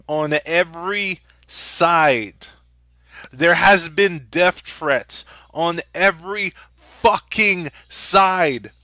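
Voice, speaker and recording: A young man's high, very bright voice rises and falls wildly as he rants in fury, swearing and shouting. The sound is dry and close, with no room echo. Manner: furious, profane, shouting at times. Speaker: vlogger. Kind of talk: angry rant.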